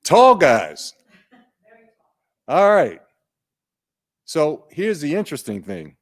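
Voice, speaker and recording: A man presenting at an online training day, unhurried and conversational, putting questions to his audience. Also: fairly high pitch, wildly swooping pitch.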